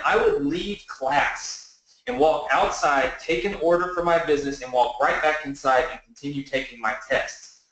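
A man in his early thirties giving a motivational webinar pitch, telling his story earnestly and often asking the audience to say yes. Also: a bit bright. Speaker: online business presenter. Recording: very echoey room.

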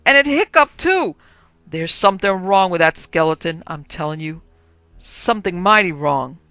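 A woman doing a loud, growling traffic cop. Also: low-pitched, unhurried, creaky, dry recording, soft background music, full character voice. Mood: alarmed. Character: big gruff male traffic cop, suspicious.

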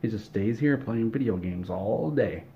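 A man's voice: on the low side, lively intonation, moderate pace, mellow. A man doing a mouthy little boy. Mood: chatty. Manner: brash and mouthy. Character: rude little boy of four or five. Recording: slightly muffled with faint hiss.

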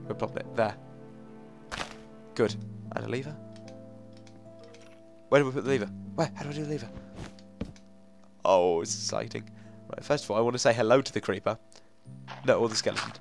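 Stuffy-nosed young male gamer, rambling, excitable let's-play host over faint game music. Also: fairly low pitch, brisk, vocal fry, long pauses. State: blocked nose. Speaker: gaming video host.

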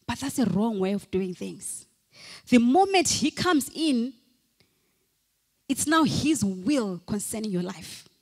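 In a church hall with long reverb, a woman pastor preaches a fervent sermon, calling out repeated hallelujahs and leading the congregation in declarations. Her voice is a little high and sing-song, slow, with long pauses.

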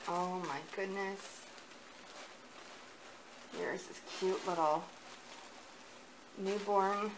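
A young woman gushing with excitement as she unboxes a parcel, gasping and cooing over each item in a casual vlog. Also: medium pitch, very slow, pauses often, background noise. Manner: gushing, excited, breathy gasps. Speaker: vlogger.

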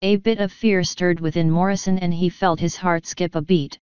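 Smooth-voiced woman reading an audiobook. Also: fairly low pitch, fairly even intonation, moderate pace, darkish tone, no room sound, lo-fi sound. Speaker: audiobook narrator. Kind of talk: scripted audiobook narration.

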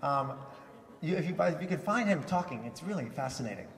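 Enthusiastic male keynote speaker, fairly high voice, picked up from a distance in a big reverberant hall. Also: expressive, a little fast, a bit bright. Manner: enthusiastic, repeats words when restarting. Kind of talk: conference keynote speech. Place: large conference hall. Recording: echoey hall from far off.

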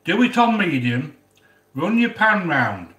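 Rambling home cook, lively up-and-down delivery, recorded off-mic. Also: male voice, high-pitched, slow pace, distant mic. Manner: chatty, rambling asides between instructions. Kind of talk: casual cooking demonstration. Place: home kitchen. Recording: roomy echo, voice from off-mic.

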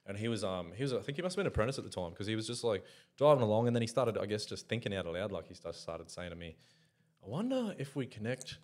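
A man's voice: lowish voice, very fast. A young Australian man co-hosting a podcast, telling stories in a casual chat, swearing and laughing often. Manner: swears a lot, laughs often, acts out mates' voices in stories. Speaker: podcast co-host.

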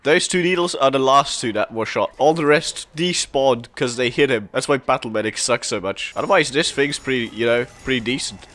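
A young man giving casual, excitable commentary while playing a game, laughing often and calling out to the other players. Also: mid-range voice, fairly quick, few pauses. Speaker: gameplay commentator.

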